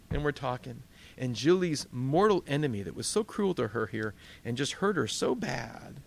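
At a church service, a pastor delivers an animated, emphatic sermon full of rhetorical questions. His voice is mid-range with some vocal fry, and he speaks at a moderate pace.

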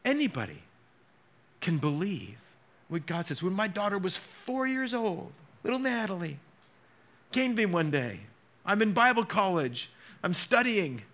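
Middle-aged male preacher, slightly high voice, theatrical pauses. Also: big pitch swings, a bit bright. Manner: dramatic, acts out scenes with slow pauses. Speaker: pastor. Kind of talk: sermon.

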